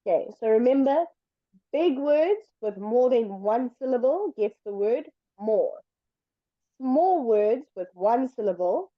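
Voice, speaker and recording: Slow, patient woman teaching English. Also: mid-range voice, no room sound, dull audio. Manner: patient, slow and deliberate, stretching words to demonstrate. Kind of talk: online language lesson.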